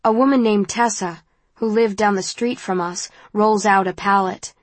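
A woman narrating an audiobook in the first person, measured and intimate. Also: mid-range voice, fairly even intonation, no room sound.

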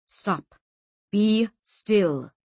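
A woman narrator voicing a huge, calm man, a war veteran, speaking in a measured way. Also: medium pitch, breathy edge, no room sound.

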